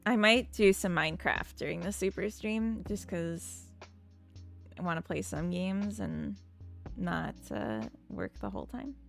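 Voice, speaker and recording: A woman talks to her stream audience as she codes, taking her time over each thought. Her voice sits a little low and has a gravelly fry to it. Faint music plays underneath. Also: expressive. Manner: unhurried, chats with viewers and reads their comments. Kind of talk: casual chat while coding on stream.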